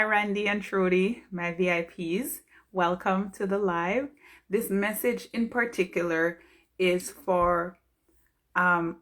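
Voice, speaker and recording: A woman's voice: fairly low pitch, fairly bright tone. A woman from Jamaica, a pharmacist giving an earnest, heartfelt motivational talk on a live stream.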